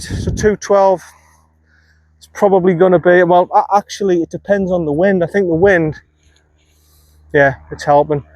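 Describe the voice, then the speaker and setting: In a dry recording, a man with a high, darkish voice vlogs a round of golf outdoors. His commentary is chatty and self-critical, and he mutters at himself after bad shots.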